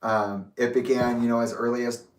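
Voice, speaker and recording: A man's voice: mid-range voice, level tone, normal speed. Candid young man rambling in an echoey room. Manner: rambling and candid, with restarts and swearing. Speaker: vlogger. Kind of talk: personal reflective monologue. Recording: roomy echo, distant from the mic.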